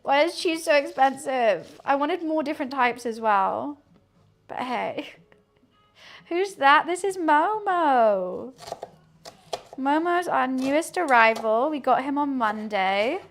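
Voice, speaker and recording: A woman's voice: high-pitched, expressive, slow, soft background music. A woman, streaming casual chat while she cooks at home, rambling to her viewers and her kitten. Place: home kitchen.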